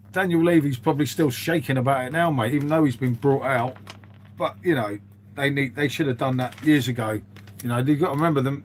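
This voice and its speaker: A man's voice: a little high, a little hiss or hum. A man hosting a live stream, chatting casually to viewers and rambling from one thing to the next. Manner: rambling, calls everyone "mate". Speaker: livestream host.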